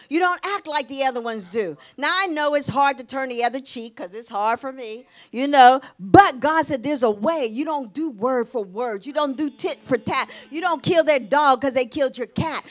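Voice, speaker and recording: Woman, preacher, high pitch, sermon, storytelling, laughing, exclamations. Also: normal speed, hardly any pauses. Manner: lively storytelling with laughs and sudden rising exclamations. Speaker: pastor.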